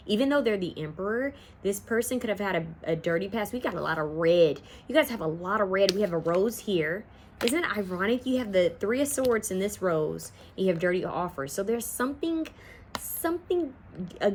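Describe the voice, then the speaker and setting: A woman's voice: medium pitch, a little hiss or hum. A woman giving a casual, rambling pick-a-card tarot reading, now and then singing bits of songs. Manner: chatty, rambling, sings song snippets.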